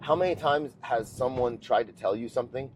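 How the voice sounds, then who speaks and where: Male guest coach, steady and explanatory, middle-pitched, faint road noise behind; casual chat. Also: fairly quick. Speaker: podcast guest, jiu-jitsu coach. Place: inside a car.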